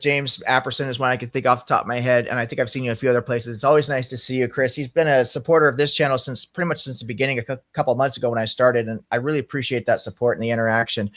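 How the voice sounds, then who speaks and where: Fast-talking friendly male host. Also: mid-range voice, a bit bright. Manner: friendly, quick, hesitant with fillers. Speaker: channel host and panel moderator. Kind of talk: casual panel hosting.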